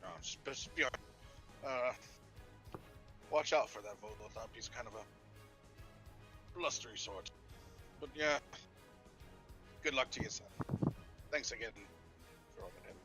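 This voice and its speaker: A man voicing a gruff, weary male tavern keeper who talks bluntly and swears. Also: medium pitch, measured pace, long pauses, bright, forceful tone, faint music behind. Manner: blunt, cursing, fed up.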